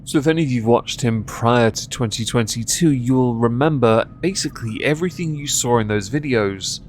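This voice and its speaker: A man's voice: mid-range voice, moderate pace, a little mellow, a little hiss or hum. Sarcastic male commentary narrator. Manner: sarcastic, mocking. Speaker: commentary host.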